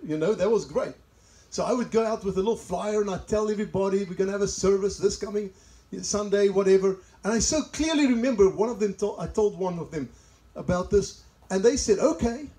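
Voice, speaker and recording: A South African pastor with a South African accent preaches a sermon at a church service held in a greenhouse, telling chatty personal stories and laughing at his own asides. His voice is high-pitched and dark in tone, a little fast, on a low-quality recording.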